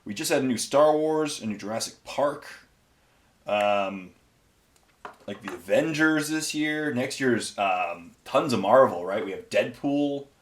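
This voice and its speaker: A man's voice: mid-range voice, lively intonation, unhurried. A man hosting a hobby painting video, chatting casually and rambling with many fillers while he paints miniatures.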